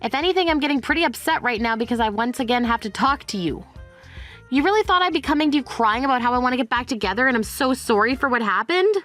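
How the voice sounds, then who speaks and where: Woman playing a firm, cutting, high-voiced young divorcee. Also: expressive, fast talker, a bit bright, soft background music. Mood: defiant. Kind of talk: dramatized story voice acting.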